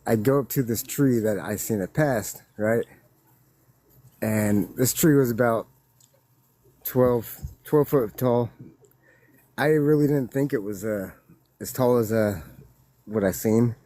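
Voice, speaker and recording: A man telling a witness story in a loose, rambling way, laughing and growing excited as he recounts it. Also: medium pitch, slow, long pauses, no echo. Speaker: witness guest. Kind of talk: casual storytelling.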